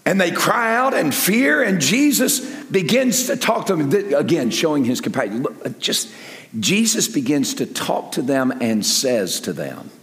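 An older man preaching a sermon in an animated way, dropping to near-whispers and then rising to loud emphasis. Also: fairly high pitch, unhurried. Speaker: pastor. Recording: echoey hall with long reverb.

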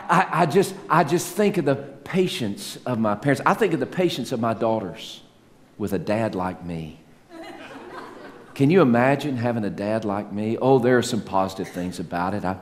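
A middle-aged man preaching a sermon, animated, swinging between loud peaks and soft low asides, with self-mocking humor. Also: a little hiss or hum. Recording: long hall reverb, faint ambience.

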